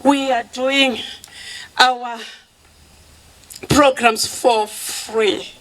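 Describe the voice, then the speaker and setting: A woman who founded a charity, giving an emotional event speech that switches between English and Shona and thanks people warmly. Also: fairly high pitch, steady tone, very slow, low-quality recording. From Zimbabwe.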